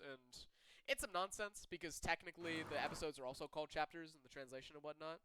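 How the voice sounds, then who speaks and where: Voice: mid-range voice, steady tone, very fast, sharp tone, smooth, no echo. A streamer casually reading a visual novel aloud and commenting on it, swearing freely, with game music behind. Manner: casual, profane, chatty.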